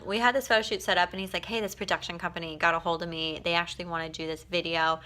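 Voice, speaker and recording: Young female vlogger, worn out and loose-tongued, bright forceful voice, casual to-camera chat. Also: medium pitch. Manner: loose, laughing, swears freely. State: exhausted.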